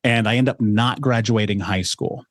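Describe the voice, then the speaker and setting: A man's voice: on the low side, steady tone, moderate pace, no echo, studio quality. A man in his thirties, a podcast guest candidly telling his personal life story with conversational asides.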